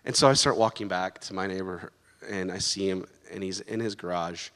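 Animated male storyteller, bright voice. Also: low-pitched, normal speed. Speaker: guest sharing a testimony. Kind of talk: storytelling testimony. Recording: long reverb of a large hall.

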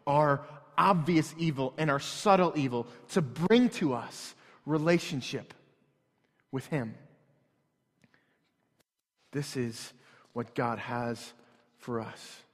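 A man's voice: mid-range voice, breathy edge. A man in his thirties preaching a sermon in a church, telling a story in an earnest, conversational way. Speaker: pastor. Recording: long hall reverb.

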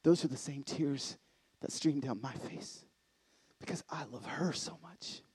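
A man voicing God as a gentle, fatherly figure, speaking softly in a lowered voice during a sermon. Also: unhurried, slightly rough. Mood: tender. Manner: soft and lowered.

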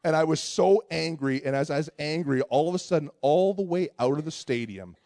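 A man preaching a sermon, telling a personal story in an animated way with many restarts before turning to scripture. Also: a little high, a little fast, dry recording, clean studio sound. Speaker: pastor.

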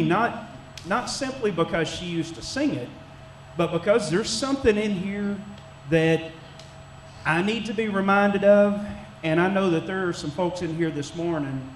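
A middle-aged man, preaching a sermon as a church elder in a conversational, folksy way with frequent restarts. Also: sits high. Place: church sanctuary. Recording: echoey church room, faint background noise.

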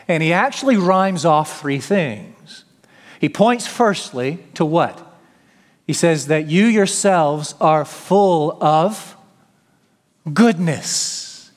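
A man's voice: fairly high pitch, lively intonation, takes it slowly, big-room sound. A man preaching an expository sermon, emphatic, sometimes paraphrasing the apostle in the first person.

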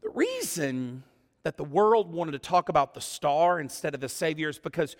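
A man preaching a sermon as pastor, animated and exclamatory, acting out what people say. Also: a little high, moderate pace. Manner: animated, exclamatory, acts out quotes. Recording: long church-hall reverb.

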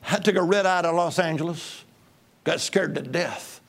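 Gravelly-voiced man preaching a lively sermon. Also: fairly high pitch, moderate pace. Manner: lively, call-and-response, swings from loud to hushed. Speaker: traveling preacher. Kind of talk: humorous storytelling sermon.

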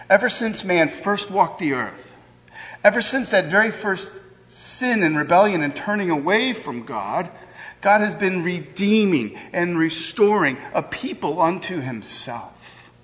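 Male pastor, slightly higher voice, earnest sermon with casual asides, long hall reverb. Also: a bit bright. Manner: earnest, conversational with asides and humor.

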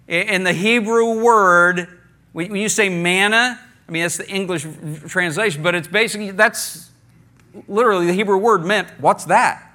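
A man preaching a sermon to a congregation in a conversational, animated way, often restarting his phrases and leading the listeners in repeating words. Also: sits high, a little slow. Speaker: pastor.

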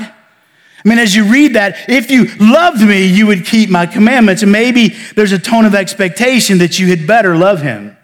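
High-voiced preaching man in a reverberant hall. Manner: preaching with rising emphasis, then dropping to soft near-whispers. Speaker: pastor. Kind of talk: sermon. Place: church sanctuary.

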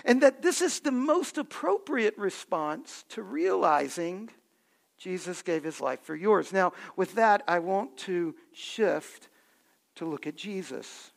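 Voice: medium pitch, lively intonation, slow pace, creaky. A pastor preaching a sermon, asking the congregation questions and building to emphatic points.

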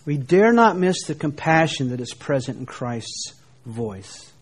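A man teaching a sermon on scripture, speaking slowly and deliberately with dramatic pauses as he reads verses aloud. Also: fairly high pitch, animated. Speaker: preacher.

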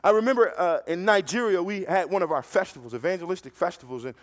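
A man's voice: sits high, fast. A man preaching a sermon, telling stories fervently and repeating words as he restarts his thoughts.

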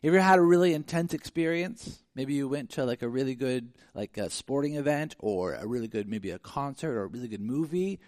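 A man's voice: medium pitch, brisk, hardly any pauses, no echo, clean studio sound. A man preaching a conversational sermon, telling stories with lots of fillers and acted-out asides. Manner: conversational, animated storytelling with many fillers. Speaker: pastor.

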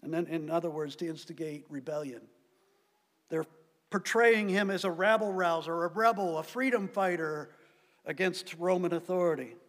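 High-voiced man preaching in a reverberant hall. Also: normal speed. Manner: emphatic preaching, swinging between loud stresses and quiet drops. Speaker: pastor. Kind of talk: sermon.

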